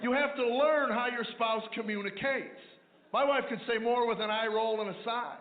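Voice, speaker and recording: A man's voice: very high-pitched, normal speed, roomy sound. A man doing a stand-up routine, telling wry, sarcastic stories about married life. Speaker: stand-up comedian. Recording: tinny phone-like line with noise.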